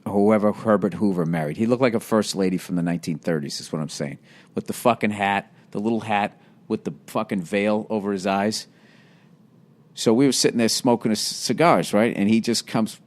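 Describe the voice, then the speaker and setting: A man who is a comedian and podcast host, telling a casual, profane, self-deprecating anecdote. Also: fairly low pitch.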